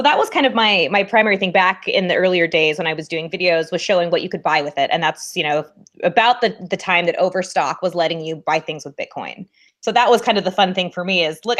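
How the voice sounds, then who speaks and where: A woman's voice: fairly low pitch, a bit bright. Bubbly young woman guest. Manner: bubbly, laughs often. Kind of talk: casual chat.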